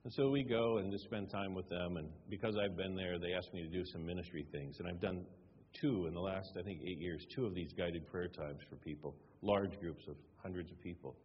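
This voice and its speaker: A man's voice: deep voice, brisk, a little hiss or hum. A man preaching a sermon as pastor, telling stories in a conversational way and acting out the dialogue. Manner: conversational, retelling dialogue with varied emphasis. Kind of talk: sermon with storytelling. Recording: dull sound with long hall reverb.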